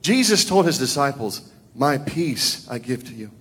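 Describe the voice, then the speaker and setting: A man's voice: big pitch swings, moderate pace, a bit bright, slightly rough. A man preaching a sermon, his voice rising and falling widely as he builds his points. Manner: preaching with big swings in pitch and volume. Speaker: pastor.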